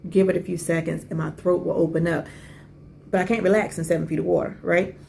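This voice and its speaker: Low gravelly-voiced woman telling a story. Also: brisk, a little hiss or hum. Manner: animated, conversational, with many asides and rhetorical questions. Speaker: podcast host. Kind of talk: casual storytelling.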